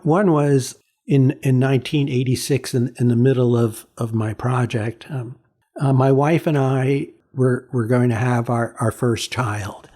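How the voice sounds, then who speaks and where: A man in his sixties, a photographer being interviewed, telling stories in a halting way with many repeats and fillers. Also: medium pitch, steady tone, dark tone. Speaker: photographer, guest. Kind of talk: reflective storytelling in an interview.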